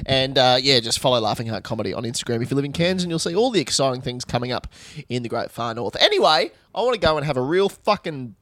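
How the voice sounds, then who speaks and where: Aussie bloke cohosting, laid back and wry, mid voice, dry close mic. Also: male voice, medium pitch, very animated, fast talker, fairly bright tone, dry recording. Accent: Australian. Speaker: podcast co-host. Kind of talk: casual crude banter.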